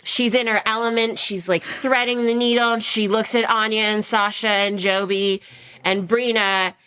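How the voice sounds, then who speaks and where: A woman playing a tabletop game, brisk and in charge, often laughing. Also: mid-range voice, fairly even intonation, fairly bright tone, smooth. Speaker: player. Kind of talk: comedic tabletop role-play.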